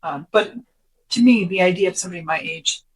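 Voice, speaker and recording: A podcast co-host chatting casually and summarizing from notes, animated, sometimes dropping into a whisper for quoted lines. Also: medium pitch, a little fast, breathy edge, rough recording.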